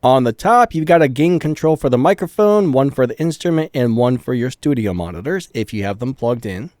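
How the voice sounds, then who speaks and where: A man's voice: medium pitch, lively intonation, a little fast, a little mellow, no room sound. A man giving a casual, upbeat product review of audio gear, talking into studio microphones. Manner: casual, upbeat, plain-spoken. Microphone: studio condenser and dynamic mics.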